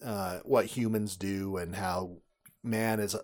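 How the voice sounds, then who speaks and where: A man's voice: deep voice, fairly even intonation, takes it slowly, a little mellow. A man co-hosting a casual podcast, summarizing a film plot with wry, sarcastic asides. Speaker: podcast co-host.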